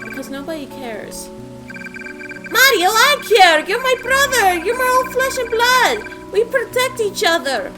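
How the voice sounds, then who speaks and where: A woman voicing Luigi as a frantic young man pleading with his brother, over loud game music. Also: big pitch swings, a little slow, heavily acted. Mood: desperate pleading. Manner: high-pitched, pleading and shouting. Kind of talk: game dialogue read aloud.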